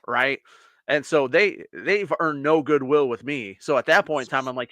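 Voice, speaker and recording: Speaking at a moderate pace in a mid-range voice, an American podcast co-host recounts a story during casual conversation. He's an animated storyteller who performs the quoted people. There's no echo.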